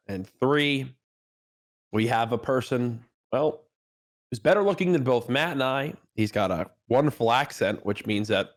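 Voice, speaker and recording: A man co-hosting a podcast, introducing a guest in a playful, teasing showman style. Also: on the low side. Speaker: podcast co-host. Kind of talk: casual podcast chat.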